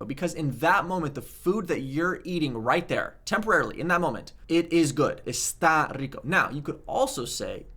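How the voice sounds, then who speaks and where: A man with a fairly high, bright voice teaches grammar in a casual video lesson. He explains with loose, animated energy and keeps checking in with the viewer. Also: moderate pace, hardly any pauses, husky. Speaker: language teacher.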